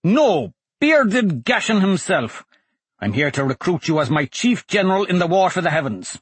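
A man's voice: sits high, big pitch swings, normal speed, slightly rough, dry recording, pitched above the performer's own voice, full character voice. A man voicing a grumpy old male priest with a nasal voice and a scolding, sarcastic manner.

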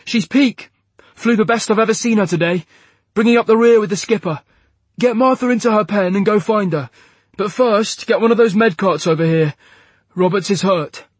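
A man's voice: sits high, steady tone, normal speed, pauses often, a little mellow, breathy edge, no echo, voice pushed up. A man voicing a young male dragon pilot giving clipped, urgent orders.

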